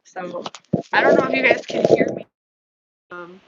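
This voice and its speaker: A young woman, a YouTuber answering viewer questions in a candid live Q&A, speaking with a slightly stuffy, hoarse voice from allergies. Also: high-pitched, lively intonation, moderate pace, lo-fi sound, a little hiss or hum. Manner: candid, chatty, many fillers and restarts. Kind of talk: casual live Q&A chat. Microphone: headphones with mic.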